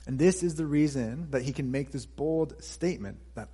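Husky-voiced man preaching in a reverberant hall. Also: on the high side, moderate pace, few pauses, warm tone. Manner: earnest, repeats key phrases for emphasis. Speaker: pastor. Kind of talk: sermon.

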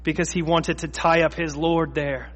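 A man putting on a Scottish accent to read an old epic tale aloud in a slow, theatrical way. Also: fairly high pitch, little pitch movement, fairly bright tone, in a large hall. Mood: declaiming. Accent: put-on Scottish. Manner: slow, declaiming, theatrical reading.

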